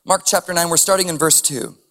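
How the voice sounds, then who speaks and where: A man's voice: a little high, fairly even intonation, brisk, bright, forceful tone. A man preaching a sermon as a pastor, reading scripture and adding casual chuckling asides and rhetorical questions.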